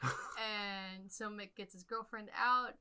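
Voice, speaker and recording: A woman's voice: mid-range voice, fairly even intonation, slow, crowd noise. A young woman co-hosting a podcast, recapping a movie in casual chat with lots of fillers and laughs. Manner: rambling, laughs often, many fillers. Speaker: podcast co-host.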